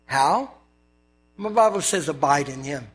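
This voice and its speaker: A man's voice: on the high side, expressive, measured pace, a bit bright. A man preaching a sermon as pastor, in an earnest, conversational way with scripture readings.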